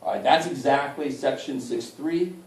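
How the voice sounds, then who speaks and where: A man's voice: mid-range voice, moderate pace, distant mic. A man teaching a college math class in a loose, joking way, with mild swearing and frequent calls for the class to help him out. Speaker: math instructor. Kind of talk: casual classroom lecture. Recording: echoey room picked up from afar.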